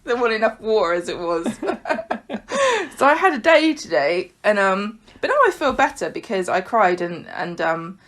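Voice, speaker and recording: A woman's voice: medium pitch, big pitch swings, a little slow, fairly bright tone. A woman co-hosting a podcast in casual chat. She tells stories in a chatty way and laughs often. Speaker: podcast co-host.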